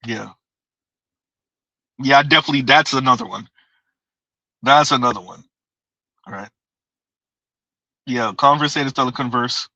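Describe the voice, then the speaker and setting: A man's voice: medium pitch, unhurried, long pauses, sharp tone, no echo, poor audio. A man casually chatting on a livestream, reading viewers' comments aloud, rambling and repeating himself with frequent laughs. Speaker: livestream host.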